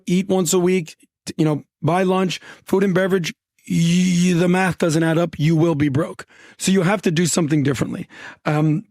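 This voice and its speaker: A man's voice: high voice, darkish tone, dry recording, clean studio sound. A man speaking as a podcast guest, blunt and sarcastic as he gives his opinions. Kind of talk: opinionated talk.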